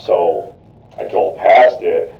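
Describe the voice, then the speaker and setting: Low-voiced man rambling in echoey room. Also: takes it slowly. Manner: rambling and repetitive, piles up "you know, like". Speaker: murder suspect under questioning. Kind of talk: rambling account in a police interrogation. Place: police interrogation room. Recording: echoey, distant, lo-fi interrogation room.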